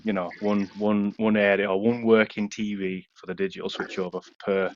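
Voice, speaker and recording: A man's voice: lowish voice, flat delivery, moderate pace. A young man with a Yorkshire accent, co-hosting a casual chat and telling a rambling, sweary story. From Yorkshire, England. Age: young adult. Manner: swearing, rambling storyteller, acts out quoted voices. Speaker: podcast co-host. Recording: dull, dry sound.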